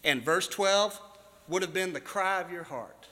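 A man with a high, very bright voice preaches a sermon that rises to shouted cries and drops to near-murmurs. His voice rings out in a large hall with a long reverb. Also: a little slow. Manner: preaching with swings from hushed to shouted. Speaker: pastor.

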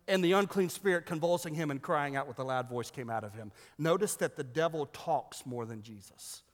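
A man delivering a sermon as a pastor, animated and joking with the congregation. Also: medium pitch, brisk, in a large hall.

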